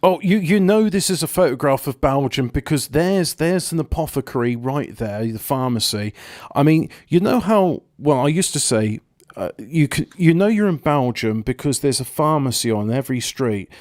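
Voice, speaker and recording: A man's voice: on the high side, animated, normal speed, darkish tone, no room sound, studio quality. A man hosting a casual comedy podcast, reading news stories aloud with sarcastic asides and swearing.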